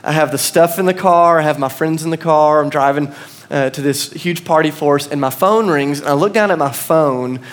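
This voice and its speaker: A man's voice: a little high, moderate pace. A man in his thirties with an American accent, preaching a sermon as pastor and telling a story with self-deprecating humor.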